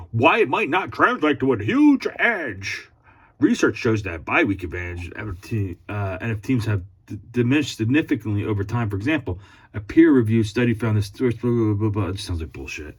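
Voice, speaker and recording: Husky-voiced man rambling on a casual vlog. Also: mid-range voice. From Philadelphia area. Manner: rambling, chuckling, blunt and profane asides. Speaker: sports fan vlogger. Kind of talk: casual rambling vlog, reading answers aloud.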